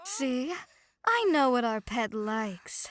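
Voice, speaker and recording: A woman's voice: a little high, big pitch swings, slow pace. A woman voicing a bossy, dominant female leader in an audiobook, giving firm commands. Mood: commanding. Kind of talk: erotic audiobook character voice.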